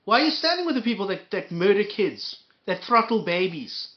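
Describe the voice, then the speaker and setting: A man's voice: high voice, big pitch swings, a little fast, muffled recording. A man hosting an angry reaction commentary, ranting and swearing, often stammering over his words. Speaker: commentary host.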